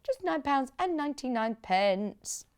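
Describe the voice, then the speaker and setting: Chatty, lively woman selling sewing supplies. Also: sits high, a little slow. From United Kingdom. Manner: chatty, enthusiastic, gushing over products. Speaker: shopping channel presenter. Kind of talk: live TV sewing product demonstration. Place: TV studio.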